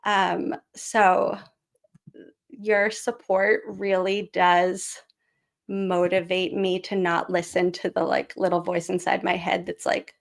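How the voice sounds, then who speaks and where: A woman's voice: medium pitch, fairly even intonation, takes it slowly, vocal fry. Chatty woman live-streaming. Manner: chatty, rambling with fillers, giggly. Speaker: live-stream host, former teacher. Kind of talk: casual live-stream chat and read-aloud.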